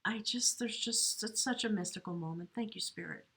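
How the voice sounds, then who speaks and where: A woman giving an earnest, emotional tarot reading at home, talking slowly and reflectively, at times choked up. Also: mid-range voice, vocal fry, sharp tone. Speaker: tarot reader. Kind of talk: spiritual tarot reading to camera. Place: home, near a window.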